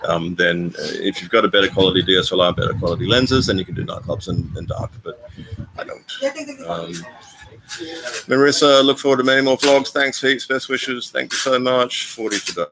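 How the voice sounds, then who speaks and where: This older man has a very deep, low-pitched voice and talks in a loose, meandering way, stopping and restarting often. He sounds like he is on a phone live stream, with plenty of noise behind him. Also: gravelly. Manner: rambling, halting, with frequent ums and restarts. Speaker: vlogger hosting a live stream. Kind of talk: casual live-stream chat.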